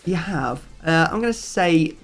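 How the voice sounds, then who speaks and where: A man's voice: fairly high pitch, expressive, a little slow, a bit bright. A man hosting a gaming video, chatting casually and rambling through his explanations with plenty of fillers. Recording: music playing faintly behind.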